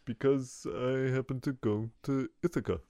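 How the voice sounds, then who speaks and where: A man co-hosting a comedy podcast, telling stories in a slow, deadpan way. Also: mid-range voice, no room sound, clean studio sound. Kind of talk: casual comedic banter.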